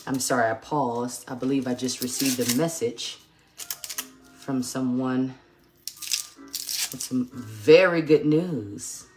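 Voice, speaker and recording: A woman's voice: extremely low pitch, slow pace, long pauses, over music. A middle-aged woman hosting a casual home cooking show, chatting and teasing as she works in her kitchen. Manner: chatty, teasing, thinks aloud while working.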